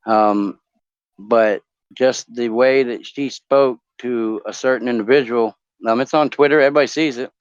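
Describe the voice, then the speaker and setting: A man's voice: mid-range voice, steady tone, moderate pace, clean tone, no echo, lo-fi sound. A man talking casually on a live stream, rambling and swearing, with many ums and restarts as he talks openly about his family. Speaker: talk show guest.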